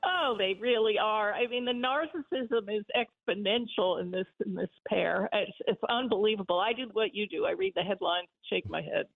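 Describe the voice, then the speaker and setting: Woman political commentator, gravelly and animated, tinny phone-line audio. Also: mid-range voice, normal speed, few pauses, faint music behind. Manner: animated, laughs often while talking. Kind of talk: casual political chat.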